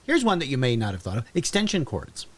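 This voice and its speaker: A man co-hosting a relaxed podcast chat. His voice sits in a middle register but moves around a lot in pitch. He lays out facts in a steady, matter-of-fact way, with the odd filler. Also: fast. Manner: lively, matter-of-fact reading of safety facts. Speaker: podcast co-host. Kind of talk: casual chat.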